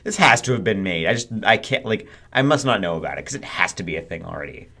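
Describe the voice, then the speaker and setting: A man's voice: low voice, sing-song, quick pace, vocal fry, bright, forceful tone. A man in his twenties co-hosting a podcast, chatting casually, teasing his co-host and swearing a lot in surprise. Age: 20s. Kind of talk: casual chat.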